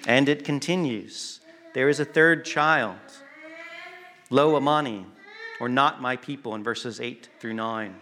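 A man preaching a sermon, earnest and emphatic, pausing to stress words and sometimes restarting a phrase. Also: mid-range voice, sharp tone, a little hiss or hum.

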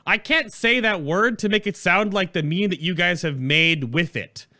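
A man's voice: high-pitched, moderate pace, sharp tone. A man hosting a podcast in casual chat, rambling and chatty, often restarting his sentences. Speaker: podcast host. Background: background music.

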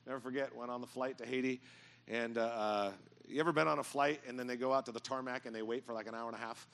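Middle-aged man pastor, gravelly and bright, jokey animated storyteller preaching to a church crowd. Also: mid-range voice, quick pace. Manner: animated, jokey storyteller, bursts into loud mock yelling. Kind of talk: storytelling sermon. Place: church auditorium with audience.

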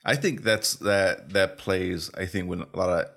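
A man in a casual interview, relaxed and hedging, with many fillers. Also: sits low, measured pace.

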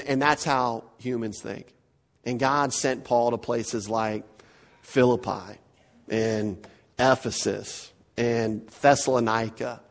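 A male pastor with a medium-pitched voice preaches a sermon verse by verse. He's animated and emphatic, often repeating words to hammer a point home.

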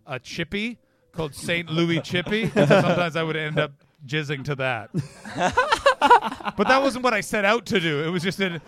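Bright-voiced brash man. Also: a little high. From Canada. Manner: brash, sweary, quick-riffing. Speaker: comedian, guest. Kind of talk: live podcast Q&A banter.

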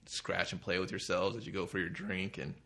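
A man's voice: deep voice, fairly even intonation, brisk, fairly bright tone. A man co-hosting a comics podcast, chatting loosely with rambling, crude jokes. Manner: jokey, rambling, crude humor. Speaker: podcast co-host. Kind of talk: casual chat.

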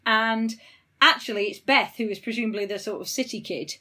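A woman co-hosting a casual chat, enthusiastic and quick to chime in. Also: fairly high pitch, sharp tone. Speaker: podcast co-host.

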